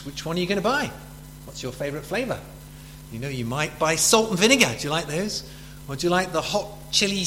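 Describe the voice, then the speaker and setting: A man's voice: high-pitched, a bit bright, slight background noise. A man preaching a sermon in a chatty way, full of rhetorical questions to his listeners.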